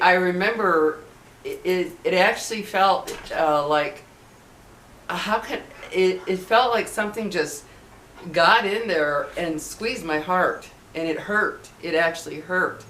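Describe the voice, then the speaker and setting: A middle-aged woman vlogger talking earnestly to her viewers about personal matters, halting and restarting her sentences often. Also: fairly low pitch. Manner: halting, with many restarts and soft earnest asides. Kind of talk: heartfelt personal talk to camera. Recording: echoey room with faint background hum.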